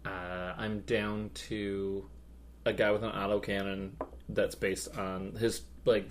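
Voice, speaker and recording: A man co-hosting a podcast, chatting casually and rambling with many fillers about his hobby. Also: lowish voice. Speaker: podcast co-host.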